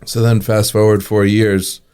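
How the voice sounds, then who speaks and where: A man's voice: fairly low pitch, little pitch movement, measured pace, a little mellow, smooth, faint music behind. A man, a restaurant owner telling casual stories in an interview, acting out the dialogue and chuckling often. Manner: acts out quoted dialogue in anecdotes, chuckles often.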